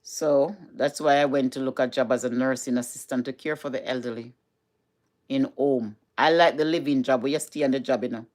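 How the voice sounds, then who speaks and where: A woman's voice: extremely low pitch, steady tone, brisk, a little mellow. A middle-aged Jamaican woman with a Jamaican accent, chatting casually to camera in a vlog from home, repeating herself and slipping into patois. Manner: chatty, repetitive, switches into patois. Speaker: vlogger.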